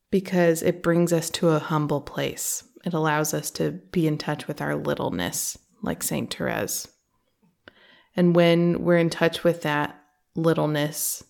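Low-pitched and a little mellow, with vocal fry, a woman hosts a reflective podcast about faith. Between earnest, conversational remarks, she reads quotations from a book.

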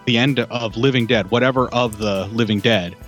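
A man's voice: medium pitch, moderate pace, a bit bright, soft background music. A man chatting casually about an old horror film, talkative and loose, filling his sentences with "like" and "you know". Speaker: film podcast co-host.

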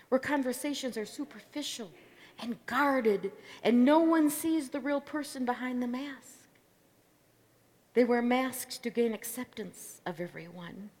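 A woman preaching a sermon as a story, swinging between loud declarations and hushed whispers. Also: fairly high pitch. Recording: long reverb of a large hall.

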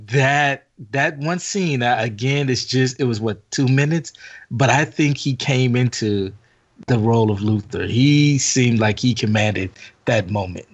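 A man's voice: medium pitch, measured pace. A man co-hosting a podcast, chatting about a movie and politely disagreeing with thoughtful points. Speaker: podcast co-host. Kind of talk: casual movie review chat. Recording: slightly dull lo-fi sound.

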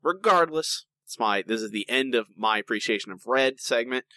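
A man's voice: mid-range voice, expressive, moderate pace, bright, forceful tone, dry recording. A man co-hosting a podcast in casual chat, talking in an opinionated, rambling way with lots of restarts. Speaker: podcast co-host.

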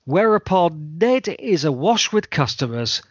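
A man hosting a podcast, reading a scripted episode recap in a dry, semi-deadpan manner. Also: on the high side, unhurried, husky, no echo, dull audio. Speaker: podcast host.

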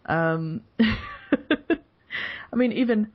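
Giggly woman host, slow lo-fi chat. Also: fairly low pitch, animated. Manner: giggly, laughs often between phrases. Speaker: podcast host. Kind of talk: casual chat. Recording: dull lo-fi podcast audio.

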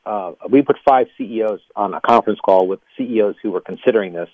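A man, a former pastor, being interviewed on the radio and telling animated stories, laughing between lines. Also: fairly low pitch, fast talker, no room sound. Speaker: ministry guest, former pastor. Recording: dry tinny phone line.

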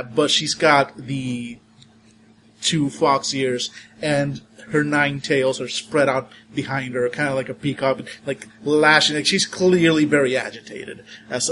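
A man's voice: medium pitch, fairly bright tone. A man narrating a tabletop game as game master, rambling with many fillers. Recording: faint background hiss.

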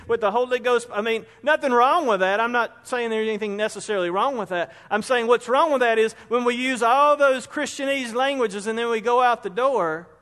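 Pastor, male, high voice, folksy conversational sermon, long hall reverb. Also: a bit bright. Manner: conversational preaching with acted-out examples.

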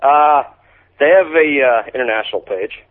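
A man co-hosting a podcast, deadpan and sardonic in casual banter. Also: mid-range voice, moderate pace. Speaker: podcast co-host. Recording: tinny phone-line sound.

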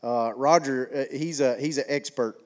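A man's voice: medium pitch, moderate pace, a little mellow. A male pastor preaching a sermon in a folksy, conversational way, repeating phrases for emphasis.

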